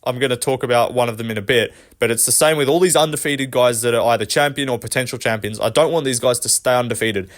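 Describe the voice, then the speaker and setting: A man's voice: mid-range voice, quick pace, few pauses. A young man hosting a commentary vlog, ranting with frequent swearing and exasperation. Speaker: MMA commentary channel host.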